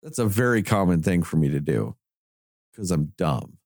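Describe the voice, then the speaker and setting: Animated ranting man, dry close sound. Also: low-pitched, moderate pace, dry recording. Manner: animated ranting, heavy swearing. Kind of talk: casual chat.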